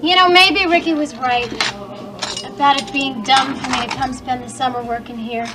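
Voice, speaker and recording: A woman's voice: sits high, steady tone, moderate pace, heavy background noise, lightly acted. An actress playing a hesitant young woman on a summer job in a 1980s TV soap opera. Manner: hesitant, modest.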